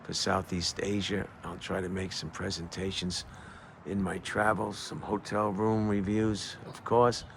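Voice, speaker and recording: Older guy rambling on outdoors, deep voice, lots of uhs and restarts. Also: little pitch movement, a little hiss or hum. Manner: halting, many fillers and restarts. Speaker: vlogger. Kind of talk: casual rambling monologue.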